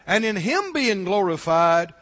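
High-voiced preaching man in a reverberant hall. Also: very animated, a little slow, highs cut off. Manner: emphatic preaching, rising to shouts and dropping low. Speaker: pastor. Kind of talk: sermon.

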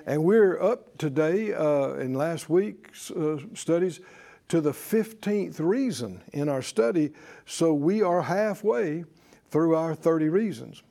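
A man's voice: on the high side, lively intonation, slow, vocal fry, dark tone. A man preaching a sermon to a congregation, emphatic and leading them in call-and-response. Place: church service with congregation.

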